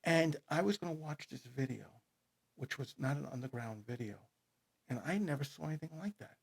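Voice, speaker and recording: A man with a New York accent, a guest author telling his story in a studio interview, animated and rambling. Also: on the high side, fairly quick. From New York City. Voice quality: gravelly, husky. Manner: animated, rambling storyteller who speeds up and gets loud when excited.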